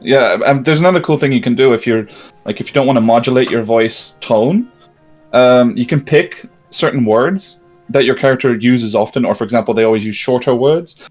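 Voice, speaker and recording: A man's voice: medium pitch, a little fast, a little mellow, soft background music. A man who runs tabletop games, sharing advice in a thoughtful, hesitant way with fillers. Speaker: game master. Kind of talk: casual roundtable chat.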